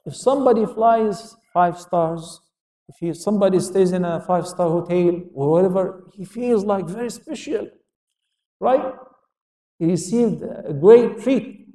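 A man lectures an audience on religion in a high-pitched, warm voice, going a little slowly. This Islamic lecturer asks and answers his own questions and quotes Arabic, and the echoey hall recording catches him far from the mic.

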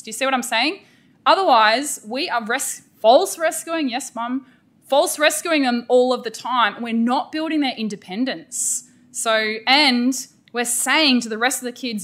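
Presenting a teachers' workshop, this middle-aged Australian teacher educator speaks with a fairly high voice. Her professional development lecture is lively and strongly emphatic.

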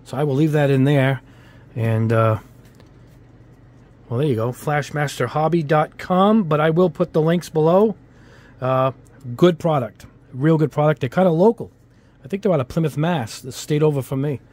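A little high and a little mellow, his voice moves at normal speed with frequent pauses. He's a model-kit YouTuber casually reviewing a product at his hobby bench, rambling, filler-heavy and full of chatty asides, with a New England accent carrying Italian-American touches.

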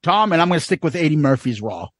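Lively, high-voiced man in his forties. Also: fast, no echo, studio quality. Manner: lively storyteller, laughs often. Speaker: podcast co-host. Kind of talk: casual podcast chat.

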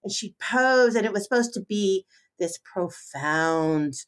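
A woman's voice: a little high, steady tone, normal speed. A middle-aged woman hosting a podcast, talking in an emphatic, heartfelt way with many restarts. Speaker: podcast host. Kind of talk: casual podcast interview.

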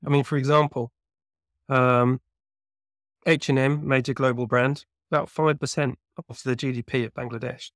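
A man's voice: medium pitch, little pitch movement, normal speed, no echo, clean studio sound. A man being interviewed as a researcher, explaining at length in a thoughtful, conversational way with lots of small hedges. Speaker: guest researcher.

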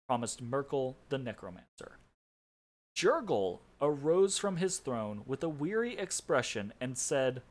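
A man's voice: medium pitch, expressive, measured pace. A man hosting a casual game playthrough, reading an in-game story aloud with amused asides and laughter. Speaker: let's play host.

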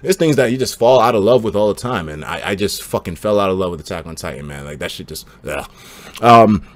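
A young man livestreaming and reading chat, slangy and profane, swinging between hyped outbursts and low mumbling. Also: expressive, fairly quick, no echo.

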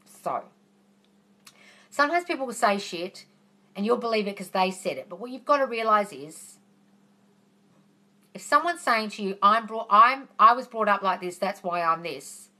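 A woman's voice: medium pitch, animated, normal speed, long pauses, bright, forceful tone. A woman hosting a live question-and-answer stream, answering viewers in a chatty, reassuring way and calling them darling. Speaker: manifesting coach hosting a live Q&A.

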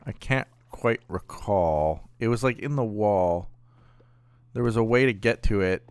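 A man's voice: fairly low pitch, measured pace, no room sound. A man hosting a gaming channel, thinking aloud in casual gameplay commentary with plenty of fillers and trailing thoughts.

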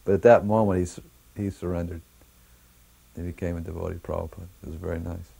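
A man with a low voice and a dark, relaxed tone tells stories from memory. He often stops, fills pauses and starts his sentences again. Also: vocal fry, husky. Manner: halting, with many "uh"s and restarts. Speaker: devotee recalling memories. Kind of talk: anecdotal storytelling.

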